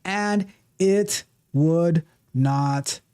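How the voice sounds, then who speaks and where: A man's voice: on the high side, drawn-out words, mellow, clear, resonant tone. A man hosting a casual coding livestream, reading out viewer comments and talking animatedly, often repeating and restarting his phrases. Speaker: livestream host, coding coach.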